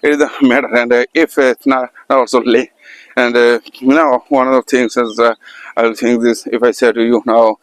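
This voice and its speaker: Standing outdoors at a festival ground, a man who teaches English gives a casual motivational talk. He speaks haltingly, pausing often and using non-native grammar, in a mid-range voice with little pitch movement.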